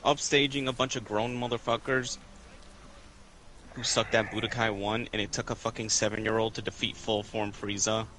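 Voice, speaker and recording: Bright-voiced young man telling crude stories. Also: on the low side, little pitch movement, normal speed, a little hiss or hum. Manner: crude, profane storytelling. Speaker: podcast co-host. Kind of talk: casual chat.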